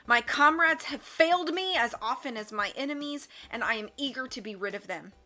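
A woman reading aloud and voicing a cruel, greedy villainous man with loud, slow, snarling threats. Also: sits high, lively intonation, faint music behind, pitched above the performer's own voice. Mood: menacing.

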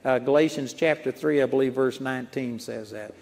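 This man's voice is medium-pitched, creaky and darkish, moving a little fast as he preaches. He tells his sermon through folksy stories and chuckles at his own anecdotes. The large auditorium gives the recording a long reverb.

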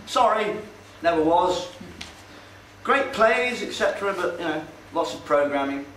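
Talking casually and sardonically to an audience in a meeting hall, a man hesitates and uses fillers. His high, fairly bright voice is expressive and measured in pace, heard far from the mic in a roomy space with faint noise.

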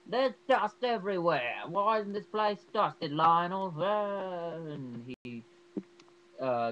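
A man's voice: fairly low pitch, a little mellow, lo-fi sound, a little hiss or hum. A young man rambling enthusiastically through a casual horror movie review, full of fillers.

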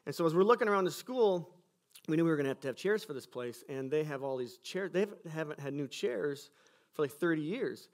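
This Michigan pastor, speaking somewhat quickly in a slightly high voice with lively intonation, tells his church's story with earnest conviction. He acts out conversations as he gives his testimony to a school cafeteria congregation.

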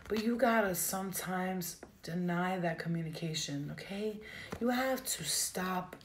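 A woman's voice: on the low side, a little slow, slight background noise. A woman giving a live tarot reading, emotional and direct, speaking straight to her viewers. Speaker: tarot reader.

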